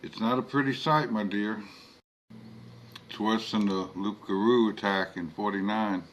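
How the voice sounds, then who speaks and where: Man playing a fatherly old monster hunter, gentle, slow, grave, audiobook horror story, faint hum behind. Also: lowish voice, steady tone, natural voice, poor audio. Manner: gentle, fatherly, calls others my boy and my dear.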